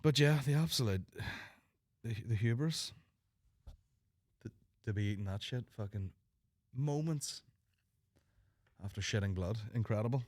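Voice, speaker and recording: A man's voice: mid-range voice, animated, a little slow, pauses often, a little mellow, no room sound, studio quality. A man in his thirties with a Northern Irish accent, hosting a comedy podcast with crude, sweary, jokey chat. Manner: crude, sweary and jokey, slipping into mock voices. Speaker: podcast host.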